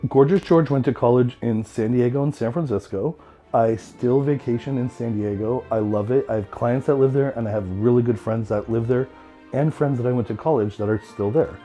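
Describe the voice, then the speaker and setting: A man in his thirties from California hosts a tour of his home in a campy, theatrical way, often speaking of himself in the third person. He talks at a middle pitch, with faint music playing underneath. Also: a little fast, mellow, highs cut off. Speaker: tattoo artist. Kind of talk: playful self-promoting home tour.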